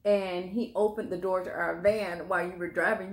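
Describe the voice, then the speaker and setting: Woman co-host, lively storyteller who acts out quotes, roomy echo. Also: mid-range voice, brisk. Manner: animated storytelling, acts out quotes, laughs often. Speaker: relationship coach, co-host. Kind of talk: casual conversation with her husband.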